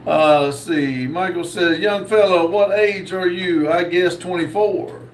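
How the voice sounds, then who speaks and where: A man hosting a live stream, reading viewer comments aloud and answering them, with many pauses and fillers. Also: sits high, roomy sound, distant mic, a little hiss or hum, poor audio. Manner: slow, reads comments aloud with many uhs. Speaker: host reading live chat. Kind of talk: casual live stream chat.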